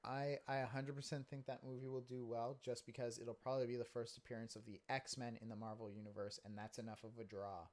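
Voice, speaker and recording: Podcast cohost guy, tells stories and acts out little quotes, laughs a lot, mid pitch. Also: quick pace, hardly any pauses. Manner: animated storyteller, acts out quotes, laughs often. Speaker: podcast co-host. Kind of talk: casual podcast chat.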